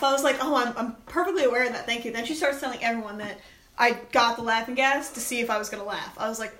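A young woman in casual chat, telling animated stories and acting out what people said, swearing freely. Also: a little high, fast. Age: young adult. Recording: echoey room with faint noise.

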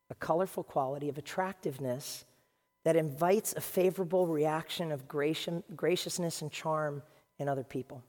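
A male pastor preaching to his congregation in a lively, conversational way, with quick asides to the room. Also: high voice. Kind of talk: sermon. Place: large church hall with a congregation. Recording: long reverb of a large hall.

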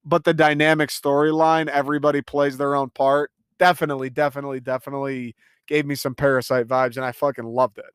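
A man's voice: mid-range voice, little pitch movement, quick pace, smooth, no room sound, studio quality. A young man talking through a casual movie review, enthusiastic and rambling, swearing freely.

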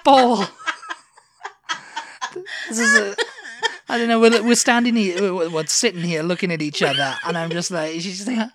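A woman's voice: lowish voice, a little fast, noisy background. A woman in a casual chat, playfully repeating words to compare how they sound.

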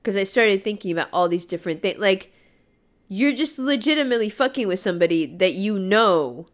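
An emotional woman speaks frankly about herself in a personal monologue. Her voice is mid-pitched, and she swears freely. She drifts between laughter and tears. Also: lively intonation, fairly quick.

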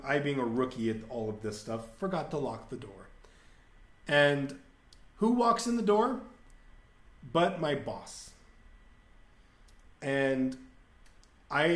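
Man telling a rambling story in an echoey room. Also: on the high side. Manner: candid, rambling anecdote with crude humor and acted quotes. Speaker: podcast host. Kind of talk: casual storytelling monologue.

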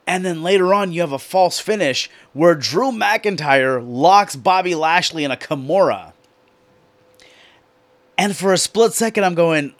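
Man, slightly high voice, dry close sound, profane and excitable wrestling recapper. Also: normal speed, no room sound. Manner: excitable, profane, animated storytelling. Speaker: wrestling commentator reviewing a show.

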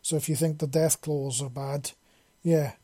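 A man reading as a gruff foul-mouthed paladin. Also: fairly high pitch, steady tone, a little slow. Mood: grim. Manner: swearing, forceful briefing.

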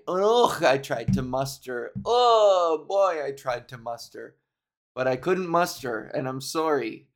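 Rambling, jokey male comedian. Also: medium pitch. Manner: rambling, jokey and self-deprecating. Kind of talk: casual solo podcast monologue.

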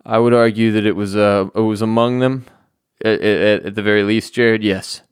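A man co-hosting a casual podcast, tossing in dry, deadpan quips and playing along with the bits. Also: lowish voice, normal speed, clear, resonant tone. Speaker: podcast co-host.

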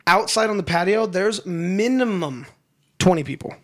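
Young guy ranting through a funny story, kinda high voice, swears a lot, acts out everybody's lines. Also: moderate pace. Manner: animated storyteller, swears freely, acts out dialogue. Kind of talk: casual chat.

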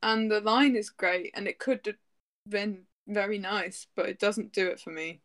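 A woman's voice: mid-range voice, steady tone, moderate pace, a bit bright. A woman in casual chat about music, chatty and laughing often, often restarting her sentences.

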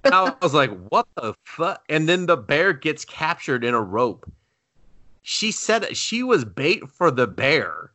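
A man co-hosting a casual podcast, recapping an anime with lots of swearing. His pitch swings widely as he acts out the characters' lines in exaggerated voices. The recording is close and dry. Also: sing-song, measured pace, pushed and bright, no echo. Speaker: podcast co-host.

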